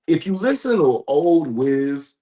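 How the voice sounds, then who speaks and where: A man's voice: a little high, sing-song, slow, warm tone. A man in his thirties hosting a podcast, talking in a laid-back, slangy, rambling way with many restarts. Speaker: podcast host. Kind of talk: casual chat.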